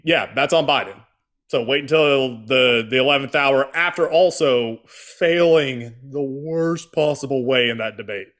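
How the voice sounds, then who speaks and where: A man hosting a casual political live stream, with a voice of middling pitch. He talks bluntly and swears freely, counting off his points with heavy emphasis. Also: fairly bright tone. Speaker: host.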